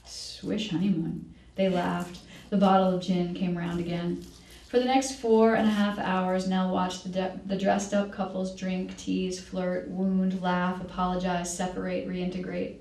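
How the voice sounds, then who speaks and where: A woman reading her novel aloud at a public library event. She reads at a measured pace and now and then corrects herself. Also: on the low side, little pitch movement, a little mellow. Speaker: author reading. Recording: echoey room, distant mic.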